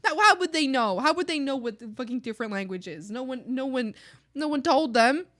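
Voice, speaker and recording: High-voiced woman chatting while drawing. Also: a little fast. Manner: animated, bursts of laughter, rambling asides. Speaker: streamer. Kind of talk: casual chat while drawing.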